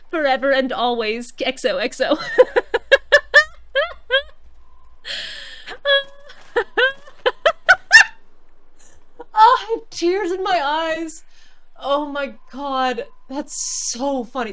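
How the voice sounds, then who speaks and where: A woman's voice: high voice, fairly bright tone, no echo. A woman giving casual commentary while playing a video game, often breaking into long laughing fits. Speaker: gaming streamer.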